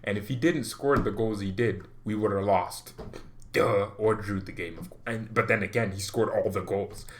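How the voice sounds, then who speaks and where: A young man hosting a casual football fan vlog, excitable and animated, laughing often as he ranks players. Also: lowish voice, moderate pace, a little hiss or hum. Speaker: football channel host.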